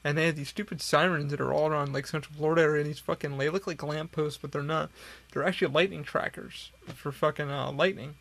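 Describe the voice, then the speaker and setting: A man rambles through a podcast from a hot room at home, his voice gravelly with vocal fry. It sits a bit higher than most men's. He talks loosely, swears freely and sounds worn out. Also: fairly even intonation, fast talker, fairly bright tone. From upstate New York. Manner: profane, rambling, tired and yawning. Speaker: podcast host. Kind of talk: casual rambling monologue.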